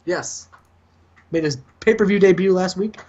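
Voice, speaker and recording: A man's voice: high-pitched, unhurried, darkish tone, husky. A man hosting a gaming show, casually recapping matches in a chatty way, on a lo-fi recording. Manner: chatty, recaps events, acts out lines. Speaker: gaming channel host. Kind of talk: casual game commentary.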